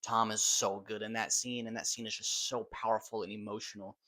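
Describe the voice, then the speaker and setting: A young man giving a casual, excitable movie review, full of swearing and slang. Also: fairly low pitch, fairly quick.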